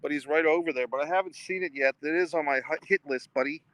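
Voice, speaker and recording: A man's voice: fairly high pitch, quick pace, a bit bright, poor audio. A man reviewing a movie in a casual, rambling livestream from outside a movie theater, swearing often and restarting his sentences. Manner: rambling and profane, with frequent restarts. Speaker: vlogger and film reviewer.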